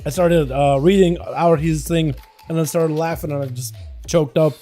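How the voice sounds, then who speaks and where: A young man with a hoarse voice, whose first language is Russian, hosting a livestream and giving casual, excitable commentary on game duels while bantering with his chat. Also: a little high, moderate pace, faint music behind. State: hoarse, voice rough tonight.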